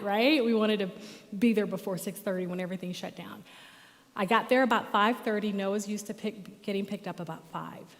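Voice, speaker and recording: A middle-aged woman therapist telling a lively story as guest speaker at a church. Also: mid-range voice. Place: church auditorium. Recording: long reverb of a church hall.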